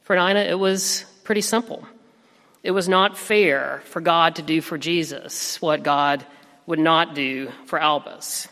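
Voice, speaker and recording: A man in his thirties preaching a sermon as pastor, telling a family story in a gentle, reflective way. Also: on the high side, unhurried. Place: church sanctuary. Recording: reverberant sanctuary.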